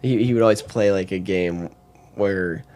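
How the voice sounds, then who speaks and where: A man's voice: low voice, normal speed, darkish tone. A young man chatting casually as a podcast guest, rambling through stories with many filler words and bursts of laughter. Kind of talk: casual chat.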